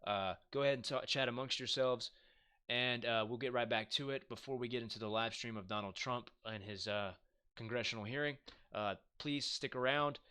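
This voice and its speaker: A man hosting a casual live stream, talking straight into his home mic in a bright, forward voice. His delivery is loose and chatty as he reads viewer comments aloud. He throws in swearing and makes jokes at his own expense. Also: mid-range voice, moderate pace, clear, resonant tone. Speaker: livestream host.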